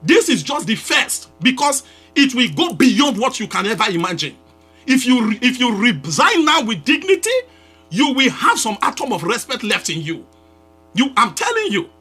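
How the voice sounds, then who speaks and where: A Nigerian pastor, a man with a Nigerian English accent, rails at his target in a fiery live address. His voice sits high and sharp, leaping up and down as he repeats his demands and breaks into shouts. Soft music plays underneath. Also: big pitch swings, moderate pace, breathy edge.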